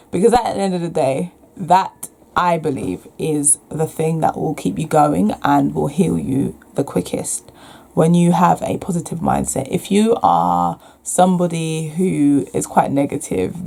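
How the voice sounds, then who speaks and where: A woman's voice: lowish voice, gravelly. A young woman vlogging frankly about her own experience, reflective and full of restarts. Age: young adult. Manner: frank and reflective, restarts often, soft sighs. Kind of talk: candid talking-to-camera vlog.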